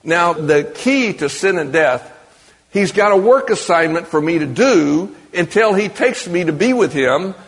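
High-pitched and expressive, a preacher takes his time as he delivers a conversational sermon, often questioning his congregation. The recording from the church or meeting hall carries the long reverb of a large hall.

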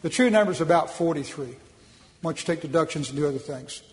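A man's voice: a little high, expressive, fast talker, in a large hall, rough recording. A man from Oklahoma giving a public speech with slides at a policy conference, folksy and emphatic, often restarting his sentences.

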